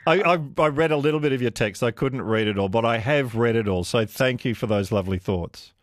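A man's voice: mid-range voice, brisk, dry recording, studio quality. A man hosting talkback radio, chatting with callers and laughing often. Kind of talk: warm casual on-air chat with callers. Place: radio studio.

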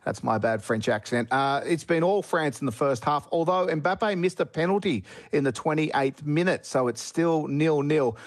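A man's voice: a little high, animated, moderate pace, few pauses. An Australian man presenting the sports segment on breakfast radio in an upbeat, chatty way.

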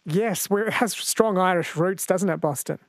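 A man from Australia hosting a talk radio show, speaking in a brisk, conversational way. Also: high voice, dry recording, clean studio sound. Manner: brisk and conversational, brief interjections. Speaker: radio host.

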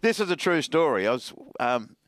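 A man's voice: medium pitch, normal speed, no echo. Aussie guy hosting footy radio, teasing, mid voice, dry close sound. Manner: playful, teasing, animated. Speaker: radio sports show host. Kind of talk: rugby league radio discussion.

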